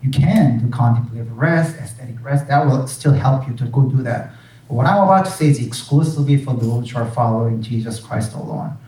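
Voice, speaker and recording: A young man preaches an earnest sermon, leaning hard into some phrases and dropping to a hush on the key ones. His voice is mellow and mid-pitched, picked up from some distance in a roomy church that echoes around him. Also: brisk. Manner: earnest, emphatic preaching with soft hushed drops on key phrases. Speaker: pastor.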